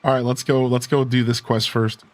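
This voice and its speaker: A man's voice: medium pitch, level tone, moderate pace. A man streaming a video game, chatting casually with his viewers and reading game dialogue aloud. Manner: reads game dialogue aloud, sometimes in a put-on Scottish voice. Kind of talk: casual gameplay commentary.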